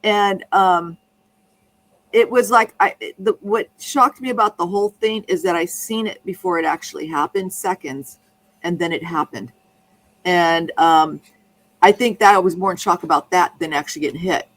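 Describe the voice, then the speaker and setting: A woman's voice: on the low side, moderate pace, fairly bright tone, poor audio. A woman in casual conversation, telling a rambling anecdote that keeps restarting and circling back.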